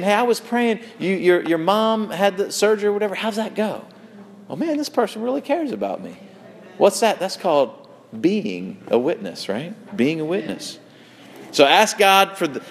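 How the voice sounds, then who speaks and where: A man's voice: mid-range voice, fairly bright tone, in a large hall. A male pastor preaching a sermon, telling stories in a loose, conversational way with fillers and restarts.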